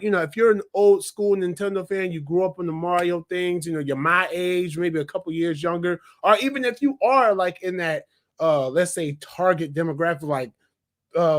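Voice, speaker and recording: Excitable high-voiced man reviewing a film. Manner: excited, rambling, filler-heavy, lots of "like". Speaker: movie reviewer. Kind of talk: casual spoken review.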